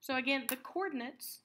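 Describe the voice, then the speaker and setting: A woman teaching a math lesson, patiently explaining terms and repeating key words slowly. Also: sits high, pushed and bright, slight background noise.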